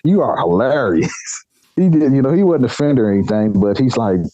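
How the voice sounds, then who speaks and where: A man from Nebraska with a slight country accent, casually telling a personal story and acting out dialogue with lively jumps in pitch. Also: a little fast, no echo. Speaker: podcast guest. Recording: dull lo-fi sound.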